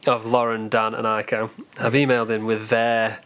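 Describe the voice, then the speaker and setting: A man's voice: lowish voice, level tone, moderate pace, fairly bright tone, clean tone. A man hosting a radio show, easygoing, laughing often and stumbling over words. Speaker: radio host. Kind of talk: casual radio chat.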